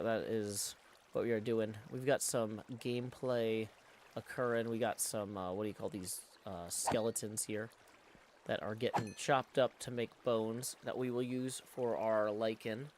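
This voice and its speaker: A man's voice: lowish voice, steady tone, measured pace, noisy background. A middle-aged man, chatting casually on a live stream from his home studio, reading chat aloud and humming to himself. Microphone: studio XLR mic.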